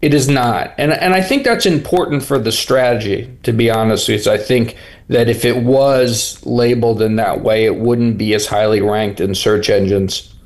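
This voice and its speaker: A man speaks as a reporter on a radio interview, in a mid-range voice. He thinks aloud as he talks. His sentences often restart and fill with pauses as he works out his points. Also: mid-range voice. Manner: thoughtful, with many restarts and fillers. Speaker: reporter guest. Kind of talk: interview answers.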